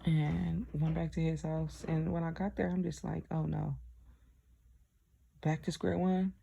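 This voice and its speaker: Gravelly, husky-voiced young woman telling a story. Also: deep voice, flat delivery, a little slow, mellow. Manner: chatty, addresses listeners directly, many fillers. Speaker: diary vlogger. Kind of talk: casual personal storytelling.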